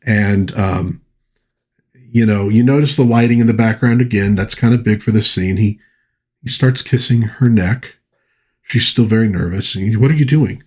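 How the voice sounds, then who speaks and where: A man's voice: lowish voice, steady tone, moderate pace, darkish tone. A man casually narrating a film review, retelling scenes and briefly mimicking characters' lines, talking loosely with fillers and restarts.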